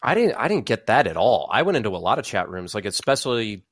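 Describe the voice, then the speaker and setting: A low-voiced man sits in as a podcast guest. He talks in a laid-back way with casual swearing, and the sound is dry and close. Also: very animated, fast, fairly bright tone, no room sound.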